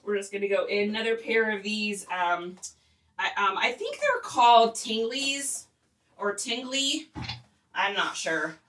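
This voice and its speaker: Chatty woman reseller, bright voice. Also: medium pitch, very animated, measured pace, distant mic. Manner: chatty and rambling, with fillers and laughs. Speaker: online reseller. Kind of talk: casual chat while photographing stock.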